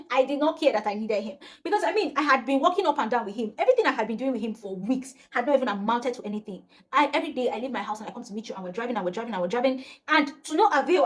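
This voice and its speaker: A young woman tells a personal story straight to camera. She talks casually and with animation, acting out each quote in its own voice. Her voice sits fairly high. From Nigeria. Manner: animated, acts out quotes with rising pitch, laughs between lines. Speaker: storytime vlogger.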